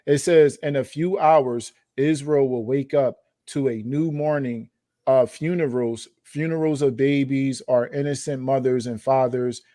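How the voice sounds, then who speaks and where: A man's voice: medium pitch, a little mellow, no room sound, studio quality. A man hosting a commentary show, reading quoted passages aloud and then commenting on them emphatically with rhetorical questions. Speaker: host reacting to documents.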